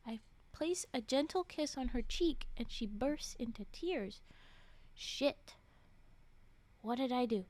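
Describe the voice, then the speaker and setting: Expressive woman reading a story aloud. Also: on the high side, unhurried. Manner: expressive, reacts aloud between passages. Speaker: streamer reading stories aloud. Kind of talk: dramatic reading with whispered asides.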